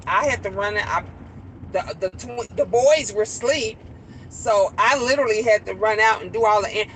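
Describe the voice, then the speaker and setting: A woman's voice: medium pitch, fairly bright tone, a little hiss or hum, poor audio. A middle-aged woman and grandmother chatting casually with live stream viewers from a car, rambling animatedly through stories and greeting people as they join.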